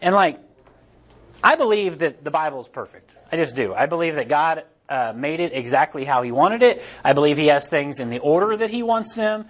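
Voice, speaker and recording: A man's voice: a little high, animated, brisk. A man preaching a casual sermon, rambling and conversational, with many fillers and restarts. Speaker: pastor. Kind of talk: casual sermon with personal stories. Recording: dull lo-fi recording.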